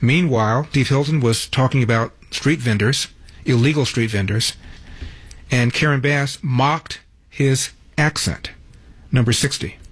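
A man's voice: mid-range voice, unhurried, slightly rough. A man hosting a talk radio show, delivering a brash, wisecracking monologue from a studio. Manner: brash, wisecracking, self-mocking titles.

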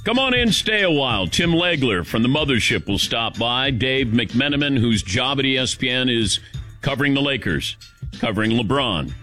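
A man's voice: medium pitch, lively intonation, moderate pace, bright, forceful tone, soft background music. A man hosting a sports talk show, chatting casually about games and reading sponsor spots in between. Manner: conversational, easygoing, reads ad copy between chat.

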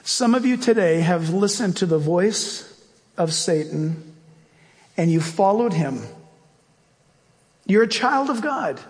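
High-voiced, unhurried preaching man. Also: expressive. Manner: emphatic, rising to fervent prayer. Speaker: pastor. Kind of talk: sermon and prayer. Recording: long hall reverb, faint music.

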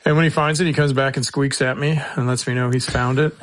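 A man speaks in a dry, close voice that sits at a middle pitch. He is a search and rescue handler telling stories in an interview. His telling is folksy and rambling, with jokes and restarts, and he talks the way he would to a friend. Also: fairly even intonation, quick pace, dry recording. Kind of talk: casual interview storytelling.

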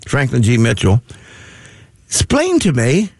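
A man's voice: mid-range voice, huge pitch swings, a little slow, creaky, husky, dry recording. A man hosting a radio talk show, rambling in a self-mocking curmudgeonly way with many restarts and asides. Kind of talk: folksy talk radio banter.

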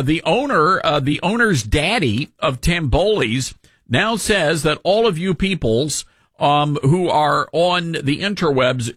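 Radio talk guy in the studio, kinda husky, voice bouncing all over, sarcastic and mocking. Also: fairly high pitch, a bit bright, no room sound. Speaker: radio talk show host. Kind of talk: radio talk show commentary.

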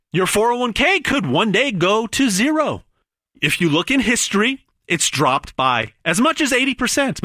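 A man delivering a hard-sell gold pitch with a lively, swooping voice that is bright and forceful. He hammers words over and over, stumbles on restarts, and stretches out big numbers for effect. The sound is close and dry. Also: no room sound. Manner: emphatic, stammering repetitions, dramatic pauses on numbers. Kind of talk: hard-sell promotional monologue.

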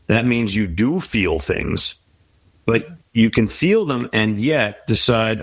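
A man's voice: lowish voice, animated, slow, no echo. A middle-aged man in an interview, talking reflectively and giving advice. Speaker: guest. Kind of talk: interview conversation.

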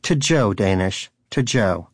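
A man's voice: on the low side, animated, slow, husky, no echo, clean studio sound, heavily acted. A man voicing a pious, bitter male pet hamster who lectures in a preachy, indignant way.

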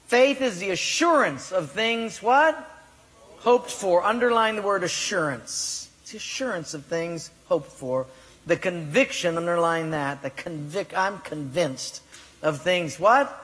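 A man preaching a sermon as pastor, emphatic, pressing up on key words and then dropping to a near hush. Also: sits high. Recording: long reverb of a large hall.

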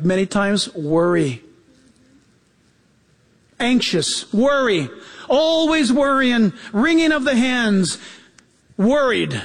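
A man preaching a sermon as pastor, telling stories in an animated way and acting out the quotes, repeating key phrases for emphasis. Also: big-room sound. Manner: animated storytelling, acts out quotes with jumps in pitch.

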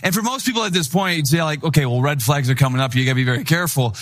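A young man from Wisconsin preaching a sermon, telling a personal story with lively acted-out voices. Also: fairly high pitch, very fast. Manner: animated storyteller, acts out voices in anecdotes. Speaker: pastor.

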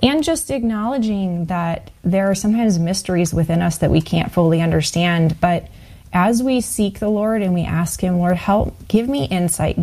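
A woman co-hosting a Christian radio show, gentle and thoughtful, offering encouragement. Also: medium pitch. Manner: gentle, thoughtful, soft at times.

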